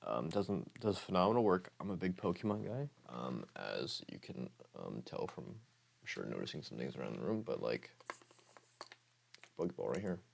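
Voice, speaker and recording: Low gravelly man rambling casually. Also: sing-song, moderate pace, slight background noise. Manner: rambling, hesitant, many fillers. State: voice sounds off. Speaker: ASMR channel host. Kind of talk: casual ASMR channel reviews. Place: room with Pokemon items.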